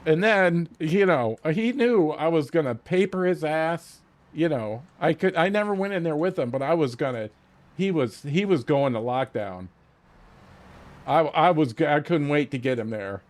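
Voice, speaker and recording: A man streaming a game, telling a story in a profane, animated way and often laughing at it. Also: a little high, normal speed. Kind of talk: casual storytelling while playing.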